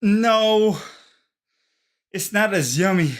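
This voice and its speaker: A young male streamer with a high voice that swings all over the place. He talks in an unhurried way, but he is excitable and swears freely, calls everyone bro, and slips in Spanish phrases. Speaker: livestreamer. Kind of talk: casual livestream chat.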